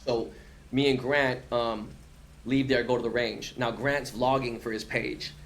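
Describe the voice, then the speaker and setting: A man's voice: medium pitch, measured pace, a little hiss or hum. A man from Los Angeles, a podcast guest, telling stories in slangy casual chat and acting out what others said. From Los Angeles, USA. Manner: animated, slangy, acts out quoted voices. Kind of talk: casual storytelling.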